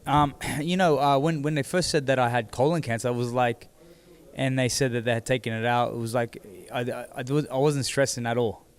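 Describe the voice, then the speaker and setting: Smooth-voiced man recounting calmly. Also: medium pitch. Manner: halting, repeats words as he recounts. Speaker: interview guest, former boxing champion. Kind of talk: candid personal storytelling. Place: seated across from the interviewer.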